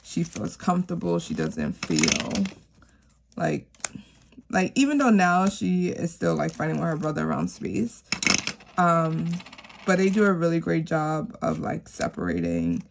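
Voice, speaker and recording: Chatty lady vlogging her savings, lots of "like"s, super gravelly voice. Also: low voice, huge pitch swings, measured pace, noisy background. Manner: chatty, rambling with many "like"s. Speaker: teacher. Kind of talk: casual chat to camera.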